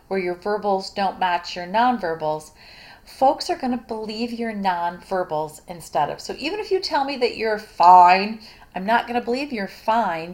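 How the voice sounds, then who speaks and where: A middle-aged woman gives a recorded lecture on communication. She speaks informally to her students and often stops to restart a phrase or add a filler. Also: mid-range voice. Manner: conversational, many fillers and restarts. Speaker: communication instructor.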